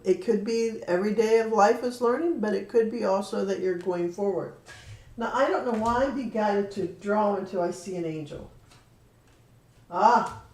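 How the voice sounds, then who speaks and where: A woman giving a spiritual card reading, talking in an earnest, gently encouraging way. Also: mid-range voice. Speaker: card reader. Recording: roomy echo, voice from a distance.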